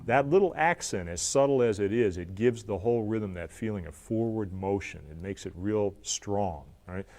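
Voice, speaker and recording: A man teaching an acoustic blues guitar lesson, talking in a relaxed way while he plays and counts along. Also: lowish voice, normal speed. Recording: loud guitar under the voice. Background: acoustic guitar playing.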